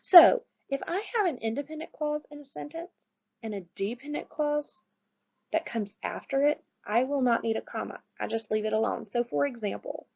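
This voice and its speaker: A woman teaches a grammar lesson in a patient, steady way, pausing often to check that her listeners follow. Her voice sits a little high and carries a gravelly fry. The recording is dull and lo-fi. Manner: patient, checks in with "right?" and "all right?".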